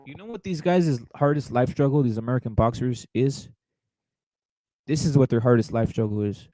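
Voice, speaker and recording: A man on a boxing show delivers a casual livestream rant, swearing a lot, repeating himself heatedly, and constantly saying "brother." He has a mellow, medium-pitched voice at normal speed. The recording is poor, without room sound.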